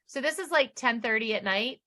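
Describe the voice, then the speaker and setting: A woman's voice: on the high side, a little fast. A middle-aged woman co-hosting a podcast, chatting casually and acting out quotes as she recaps. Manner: animated storyteller, acts out quotes. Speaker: podcast co-host.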